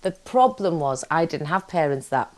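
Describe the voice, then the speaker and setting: An actress, a guest speaking candidly in a casual interview with lively restarts. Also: female voice, deep voice, moderate pace. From Liverpool, England.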